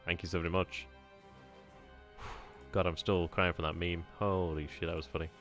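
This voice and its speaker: A man's voice: deep voice, level tone, normal speed, a bit bright, faint music behind. A man hosting a strategy game video channel, chatting casually and informally to his viewers and easily amused. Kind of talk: casual video outro chat.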